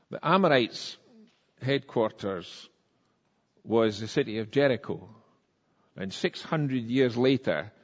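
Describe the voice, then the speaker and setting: Man preaching in a reverberant hall. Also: medium pitch. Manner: conversational, animated storytelling with acted-out quotes. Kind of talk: sermon. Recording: dull sound with long reverb in a church hall.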